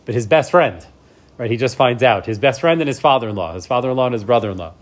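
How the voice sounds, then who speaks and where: A man teaching a class, middle in pitch, who reads out Hebrew verses and then explains them in plain English. He keeps checking in with his listeners, tagging "right?" onto his points as he goes. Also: animated, fast. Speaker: Torah teacher. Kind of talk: class lecture.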